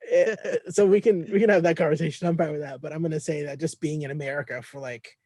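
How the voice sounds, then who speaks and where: A man's voice: a little high, steady tone, fast talker, a little mellow, no echo. A man co-hosting a casual podcast, explaining his take at length and arguing his point. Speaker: podcast co-host.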